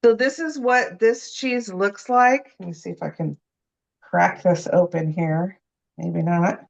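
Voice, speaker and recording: Her lowish, gravelly voice holds a steady tone and moves slowly. As a guest food expert cooking live, she talks chattily through each step and keeps checking in with "right?", "okay?", and "you know?"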